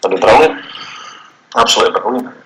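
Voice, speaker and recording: A man's voice: medium pitch, animated, low-quality recording. A Scottish man co-hosting a podcast, chatting loosely and rambling about football. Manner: rambling, sweary, quick to laugh. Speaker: podcast co-host. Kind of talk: casual football chat.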